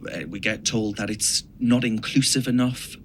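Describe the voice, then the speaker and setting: A man giving a political speech to camera, slow and emphatic, repeating his phrases for effect. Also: on the low side, fairly even intonation, a bit bright, slight background noise. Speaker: political commentator.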